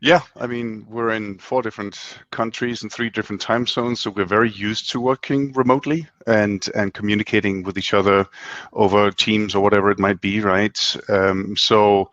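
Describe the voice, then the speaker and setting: A man from Denmark explains his work on a video call, pausing often with a dry sense of humor. His voice is low, and the line sounds dull and dry. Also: steady tone, a bit bright, no echo. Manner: hesitant, many fillers, dry humor. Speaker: guest, company co-founder. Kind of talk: casual video-call chat.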